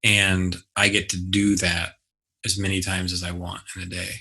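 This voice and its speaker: Bright-toned man telling stories animatedly. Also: low-pitched, moderate pace, gravelly. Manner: animated storytelling, acts out his own reactions. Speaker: guest, business mentor. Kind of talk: conversational interview.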